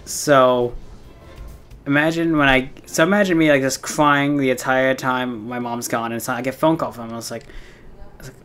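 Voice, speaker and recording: A young male streamer tells a long, rambling story while he plays. His voice sits at an ordinary middle pitch. He leans hard on fillers and swearing, and soft music runs underneath. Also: level tone, normal speed. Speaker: gaming streamer. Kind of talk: casual storytelling while playing a game.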